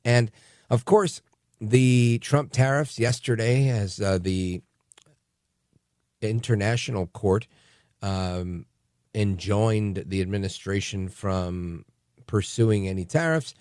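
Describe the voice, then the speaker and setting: A man hosting a talk radio show, delivering a sarcastic, animated monologue. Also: lowish voice, slow, pauses often, no echo, studio quality. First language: English. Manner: animated and sarcastic, mocking voices in quotes.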